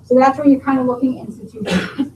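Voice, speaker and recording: High-voiced woman lecturing nurses. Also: fairly even intonation, fairly quick, a little mellow, recorded from a distance. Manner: explanatory, quizzing students. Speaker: nursing instructor. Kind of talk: classroom lecture. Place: classroom. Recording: roomy classroom recording from afar, faint noise.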